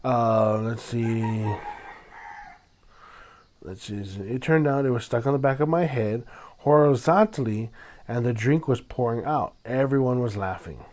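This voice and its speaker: A man from Hawaii hosting a solo podcast, talking at an ordinary middle pitch. He rambles through his stories and turns dramatic, breaking into sudden loud bursts. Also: measured pace. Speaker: podcast host. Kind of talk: solo casual podcast talk.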